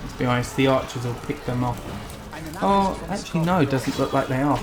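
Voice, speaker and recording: A man hosting a gaming channel, giving relaxed, chatty commentary on a computer strategy match. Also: medium pitch, brisk. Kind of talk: casual game commentary. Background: game music.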